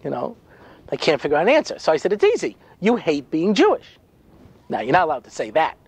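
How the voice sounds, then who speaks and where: A man speaking as a rabbi, telling a comic story to a room with a lively, bouncing pitch. His humor is dry and sarcastic, and he peppers his sentences with casual "you know" asides. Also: brisk, vocal fry, breathy edge. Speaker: rabbi giving a talk.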